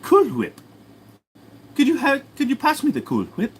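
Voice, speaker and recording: A snooty high-pitched Stewie. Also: male voice, wildly swooping pitch, moderate pace, a little hiss or hum, exaggerated voice. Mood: demanding. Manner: clipped, haughty, demanding. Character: snooty infant boy genius, sneering.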